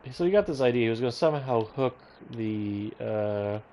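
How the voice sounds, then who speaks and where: A man chats his way through a live gameplay stream, wandering off into stories and cutting himself off mid-thought. His voice sits in a plain middle pitch. He sounds loose and unscripted. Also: animated, a little fast, dark tone, a little hiss or hum. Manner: rambling, self-interrupting, goes off on tangents. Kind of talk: casual live gameplay commentary.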